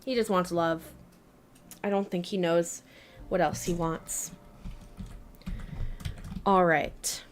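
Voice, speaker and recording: A woman's voice: on the low side, steady tone, slow pace, long pauses, a little hiss or hum. A woman in her twenties chatting casually on a live gaming stream, reading chat aloud and talking to her cat. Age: 20s.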